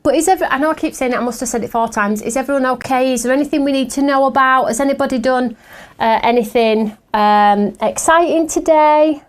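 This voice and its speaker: A fairly high-voiced woman hosts a live craft shopping stream. She chats loosely with her viewers and often breaks into giggles at her own stories. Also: brisk. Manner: chatty and giggly, laughs at herself often. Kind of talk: casual live chat with viewers.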